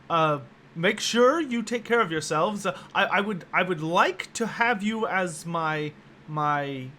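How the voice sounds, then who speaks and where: A man's voice: high-pitched, bright, forceful tone, slight background noise, heavily acted. Anders, a man doing a courteous scholarly patron. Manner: polite, formal, hesitant. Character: courteous, scholarly gentleman patron, soft-spoken. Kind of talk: tabletop game role-play.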